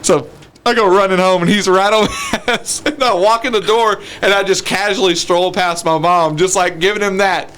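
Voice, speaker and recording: A man's voice: high-pitched, fairly even intonation, moderate pace, fairly bright tone, clear, resonant tone. A man co-hosting a podcast, chatting casually and laughing often as he tells stories and acts out the people in them. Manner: laughs often while telling stories, acts out quoted voices. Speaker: podcast co-host. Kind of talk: casual chat.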